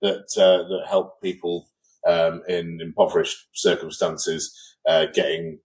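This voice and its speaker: A man's voice: deep voice, little pitch movement, measured pace, a little mellow, low-quality recording. A man co-hosting a podcast, chatting casually and telling an anecdote, acting out what people said. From England. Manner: storytelling, acts out quoted people. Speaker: podcast co-host. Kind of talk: casual chat.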